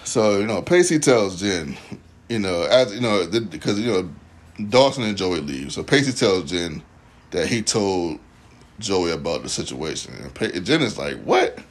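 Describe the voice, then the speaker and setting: A man's voice: low voice, expressive, unhurried. A man chatting casually as a podcast co-host, rambling with lots of fillers and slang while recapping a TV episode.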